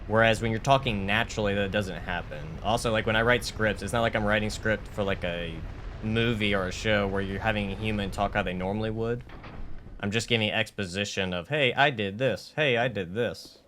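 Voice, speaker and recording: A man's voice: fairly low pitch, steady tone, brisk, fairly bright tone, slight background noise. A man streaming a game, chatting casually in a rambling way with many fillers and restarts. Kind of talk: casual chat while gaming.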